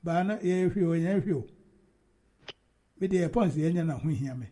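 A man hosting a casual football chat, animated and laughing often, talking over his co-host. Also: a little high, brisk.

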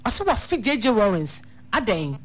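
A woman's voice: mid-range voice, big pitch swings, a little slow. A woman commenting on a talk radio show, speaking emphatically in a moralizing tone.

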